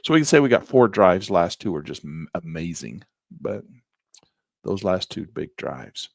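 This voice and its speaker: A man teaching trading as he walks through a chart, in a folksy, animated way with slangy asides. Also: deep voice, measured pace, vocal fry, no room sound, studio quality. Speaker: trading instructor. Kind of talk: chart-walkthrough lesson.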